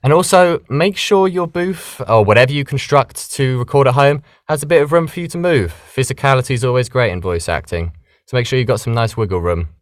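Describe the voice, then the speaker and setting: A British man, a voice actor, chatting casually in an interview and explaining things in a lively, animated way. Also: medium pitch, brisk, dry recording, clean studio sound. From Britain. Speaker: voice actor guest.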